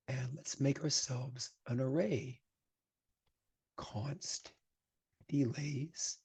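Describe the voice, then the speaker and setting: During a live-coding lecture, a programming instructor chats and thinks aloud through each step as he types. He has a husky, mellow voice at an ordinary middle pitch and grows emphatic when handing out advice.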